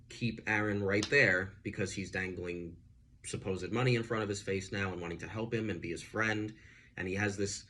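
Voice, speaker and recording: A man chatting casually as he reviews a film, animated and full of fillers. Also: low voice, slight background noise.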